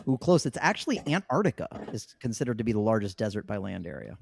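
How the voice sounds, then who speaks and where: A man's voice: on the low side, big pitch swings, quick pace, creaky, darkish tone, slight background noise. A man hosting a casual podcast trivia game, joking and laughing easily as he reads out the questions. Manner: laughs often, loose and joking. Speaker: trivia quiz host.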